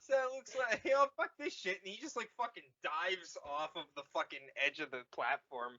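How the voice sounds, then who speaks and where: A man's voice: sits high, fairly quick, sharp tone. A man casually recapping a movie on a podcast, rambling and swearing, on a dull lo-fi recording. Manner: rambling, profane, laughing. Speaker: podcast host.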